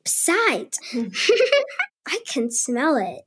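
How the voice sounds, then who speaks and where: A woman's voice: high voice, sing-song, drawn-out words, fairly bright tone, breathy edge, full character voice. A woman voicing an eager, cheerful, curious little girl in a children's cartoon. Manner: eager and bubbly.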